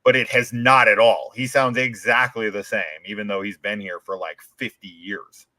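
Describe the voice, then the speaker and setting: Rambling American man, low voice. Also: steady tone, moderate pace, bright, forceful tone, no echo. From United States. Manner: rambling, full of "like" and restarts, swears casually. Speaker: podcast host. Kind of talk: casual chat.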